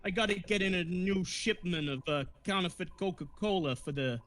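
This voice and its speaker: A man voicing a menacing male mob boss who talks in a slow, threatening drawl with swearing. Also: sits high, a bit bright, faint music behind.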